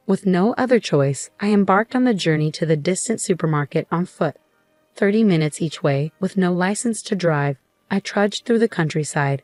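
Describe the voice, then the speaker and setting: A woman telling a first-person story as narrator in an even, steady scripted delivery. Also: lowish voice, moderate pace, no echo, soft background music.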